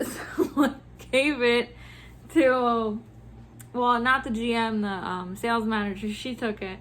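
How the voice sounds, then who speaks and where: A woman vlogger venting about her workday in animated, profane casual talk, laughing often. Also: on the high side, takes it slowly. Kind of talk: casual venting about work over a drink.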